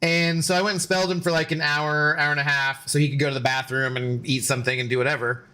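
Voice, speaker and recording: A man's voice: a little high, flat delivery, quick pace, pushed and bright. A man in his forties streaming a game and rambling through stories in casual chat, loose with fillers and swearing.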